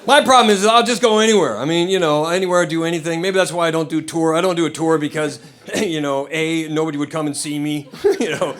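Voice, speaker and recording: Middle-aged American male comic, high-pitched voice, blunt and rambling, stand-up set on a club stage. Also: quick pace, a bit bright. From United States. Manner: blunt, rambling storytelling with restarts. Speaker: stand-up comedian.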